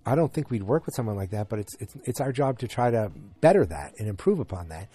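A man's voice: on the low side, sing-song, fast, warm tone, breathy edge, dry recording, soft background music. Earnest, firm young woman copywriter, voiced by a man, dry close sound.

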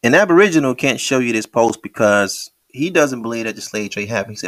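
A man hosting a podcast, talking in a casual, slangy, animated way full of rhetorical questions. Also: mid-range voice, fairly quick, no echo. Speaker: podcast host.

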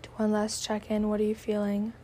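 A woman guiding a meditation, speaking slowly and softly, often slipping into a whisper. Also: mid-range voice, monotone, a little hiss or hum. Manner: slow, soft-spoken, drifting into whispers; warm spiritual affirmations. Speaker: meditation guide. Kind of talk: guided meditation.

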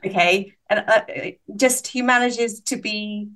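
A woman's voice: mid-range voice, steady tone, measured pace, a bit bright. A woman co-hosting a podcast who speaks thoughtfully and hesitantly, restarting her sentences as she thinks. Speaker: podcast co-host. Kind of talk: conversational podcast chat.

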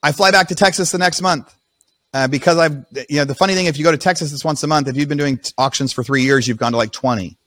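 A man, a podcast guest, telling his own story in a casual, animated way, often breaking off and restarting his sentences. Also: fairly high pitch, no room sound. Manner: rapid, animated retelling with restarts.

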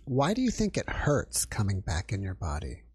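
A man's voice: fairly low pitch, huge pitch swings, moderate pace, breathy edge. A man interviewing a guest, asking thoughtful, inquiring questions.

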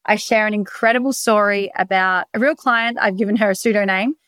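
A woman's voice: mid-range voice, brisk, fairly bright tone, clear, resonant tone, no room sound. A woman with an Australian accent hosting a casual solo podcast from her bedroom, talking energetically in a chatty storytelling way and swearing freely. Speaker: podcast host.

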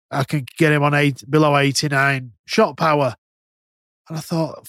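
A man's voice: a little high, fairly even intonation, moderate pace, a bit bright, no room sound, clean studio sound. A man co-hosting a casual podcast chat, rambling and swearing freely. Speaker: podcast co-host.

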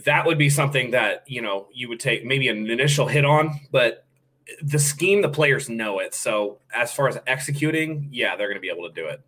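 A man's voice: medium pitch, expressive, a little fast, bright, forceful tone. A man co-hosting a podcast, chatting casually about football and acting out quotes in other voices. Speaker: podcast co-host. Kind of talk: casual sports chat.

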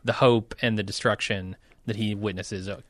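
A man co-hosting a podcast, talking in a relaxed, wry way with short replies. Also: fairly low pitch, moderate pace, no room sound, clean studio sound. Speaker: podcast co-host. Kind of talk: casual chat.

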